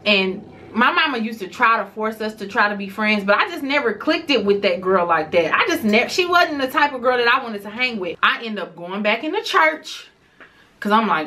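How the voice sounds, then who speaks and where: A woman vlogger telling a personal story to her viewers in a casual, animated way. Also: a little high, moderate pace.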